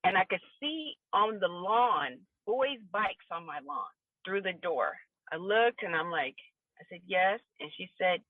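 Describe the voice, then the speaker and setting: Her lowish voice is animated yet unhurried, and the phone line is tinny with no room sound. The woman is a guest on a podcast, sincerely sharing a personal story and acting out the conversations she recalls in the voices of those involved.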